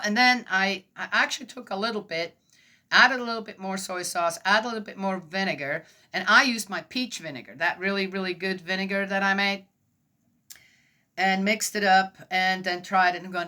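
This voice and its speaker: A middle-aged woman with a mid-range, sharp-toned voice speaks at normal speed. She hosts a Bible reflection talk, musing casually and ramblingly on a passage, frequently asking "right?" and laughing.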